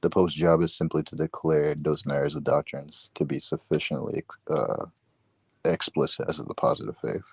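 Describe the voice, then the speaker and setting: A man from the Dominican Republic, a livestream guest, explaining church doctrine in a measured way amid casual chat. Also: extremely low pitch, level tone, breathy edge, no room sound.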